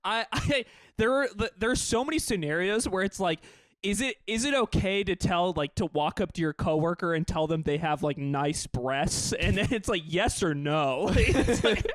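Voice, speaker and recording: Man, high voice, dry close sound, casual chat, laughs a lot, stammers. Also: normal speed, no echo. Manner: animated, laughs often, stammers on restarts. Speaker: streamer talking with friends.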